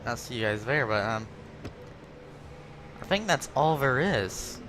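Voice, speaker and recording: A man's voice: mid-range voice, lively intonation, measured pace, background noise. A man hosting a gaming video, chatting casually and correcting himself as he shows off tanks. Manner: rambling, self-correcting, chatty. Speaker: gaming channel host. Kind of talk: casual gameplay commentary. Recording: game audio loud behind voice.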